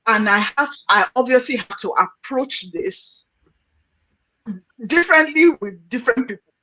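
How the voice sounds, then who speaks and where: A woman's voice: on the high side, lively intonation, moderate pace, low-quality recording. Woman host reflecting on a guest's story. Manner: warm affirming, thinks aloud with restarts. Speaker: podcast host. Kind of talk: conversational interview.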